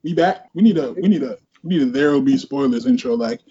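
A man's voice: on the high side, quick pace. A man co-hosting a podcast, bantering in casual chat with slangy jokes. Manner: joking, slangy, lively interjections. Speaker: podcast co-host. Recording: dull lo-fi podcast audio.

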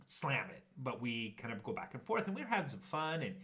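Animated, laughing male podcast host. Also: medium pitch, fairly quick. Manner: animated storyteller, laughs often, acts out quotes. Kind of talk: casual chat.

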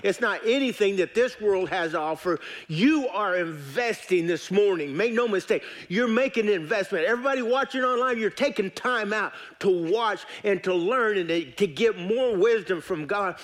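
A man preaching a sermon in church, folksy and joking but earnest. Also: sits high. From United States. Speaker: pastor.

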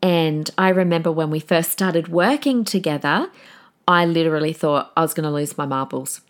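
A woman's voice: sits low, normal speed. A woman in her forties hosting a podcast, talking casually and emotionally about her marriage and tearing up easily. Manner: chatty and emotional, tears up easily. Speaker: podcast host. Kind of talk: casual solo podcast talk.

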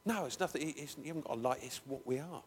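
A man's voice: a little high, quick pace, husky. A man preaching a conversational sermon in a church, breaking into emphatic, raised bursts. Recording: long hall reverb.

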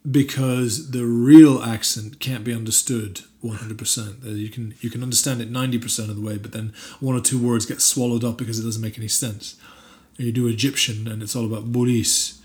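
A man's voice: medium pitch, little pitch movement, fairly quick, few pauses, a little mellow. A man being interviewed as an actor, chatting casually with many fillers and restarts and bursts of emphatic enthusiasm. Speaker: actor guest.

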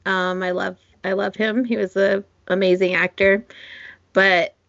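A woman's voice: mid-range voice, flat delivery, unhurried, fairly bright tone, no echo, muffled recording. A woman co-hosting a casual podcast, chatty with fillers and laughs. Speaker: podcast co-host. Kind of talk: casual chat.

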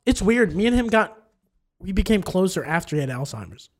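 A man with a fairly high voice, co-hosting a casual podcast chat. He tells stories in an animated way, laughs often and acts out what others said. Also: a little fast. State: has an ear infection. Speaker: podcast co-host.

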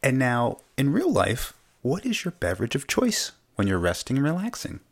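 A man's voice: mid-range voice, huge pitch swings, normal speed, vocal fry. A man asking playful interview questions.

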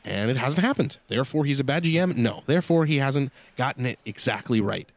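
A man's voice: mid-range voice, expressive, fairly quick, dry recording. Blunt, opinionated male podcast host. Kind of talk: casual podcast chat.

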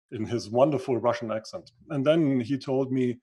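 A man's voice: mid-range voice, moderate pace, hardly any pauses, dark tone, husky. A man who speaks English as a second language, telling his life story as an interview guest in an earnest, reflective way and sometimes searching for words. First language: not English. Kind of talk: conversational storytelling.

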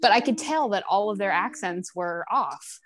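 A woman's voice: mid-range voice, animated, normal speed, a bit bright. A woman co-hosting a podcast in casual chat, opinionated and emphatic. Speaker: podcast co-host.

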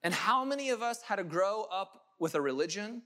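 A man's voice: high voice, expressive, fairly quick, bright, forceful tone. A young adult man preaching a sermon, impassioned and building to emphatic peaks. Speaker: pastor.

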